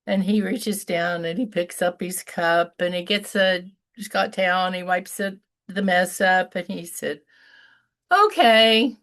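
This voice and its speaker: Slow, gravelly older woman telling a story. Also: level tone. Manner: slow and deliberate with dramatic pauses; rises high and loud when quoting dialogue. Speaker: speaker telling a personal story. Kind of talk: storytelling talk.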